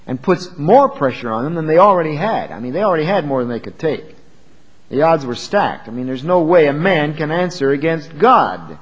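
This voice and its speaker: A man's voice: medium pitch, in a large hall, lo-fi sound. A man preaching a sermon in an emphatic, conversational way, asking his listeners questions as he explains a Bible passage.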